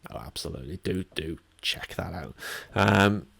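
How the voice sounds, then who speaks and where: A man's voice: sits low, normal speed, creaky, breathy edge, no echo. A man with an English accent hosting a casual podcast, rambling along with lots of ums. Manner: relaxed, rambling, many ums. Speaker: podcast host.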